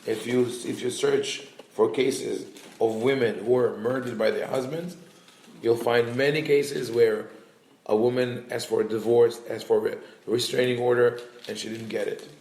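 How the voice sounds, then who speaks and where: A man's voice: mid-range voice, reverberant. A man, a rabbi, teaching a class on a Talmudic story, thinking aloud with restarts and acting out the quotes in livelier voices. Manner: retells quotes in lively voices, reads Hebrew quickly.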